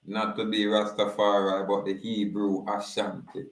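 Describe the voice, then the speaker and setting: A Jamaican man talks through his commentary in a low, even voice that barely rises or falls. He keeps a steady, low-key patois delivery and checks in with his listeners as he goes. The room around him rings with echo. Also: normal speed. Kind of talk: casual spoken commentary.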